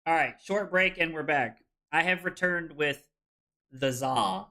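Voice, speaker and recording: A tipsy man streaming a card game, loud and joking, laughing often as he chats with viewers. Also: a little high, unhurried. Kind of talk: rowdy livestream chat.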